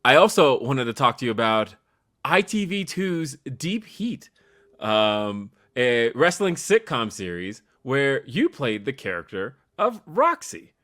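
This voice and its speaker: Lively-sounding man co-hosting. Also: medium pitch, a little slow. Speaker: podcast co-host. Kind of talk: casual podcast chat.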